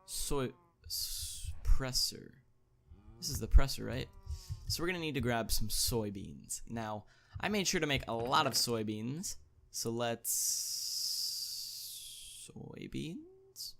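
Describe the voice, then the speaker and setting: Slow-talking male gamer narrating play. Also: mid-range voice, creaky, slight background noise. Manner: thinks aloud, chatty, excited interjections. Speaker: gaming video host. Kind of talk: casual gameplay commentary.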